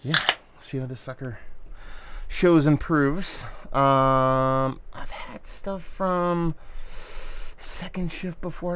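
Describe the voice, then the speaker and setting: A man reviewing beer for his channel in a relaxed, chatty way. He talks loosely and with enthusiasm, full of slang, at a middling pitch. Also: clear, resonant tone. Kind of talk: casual video review.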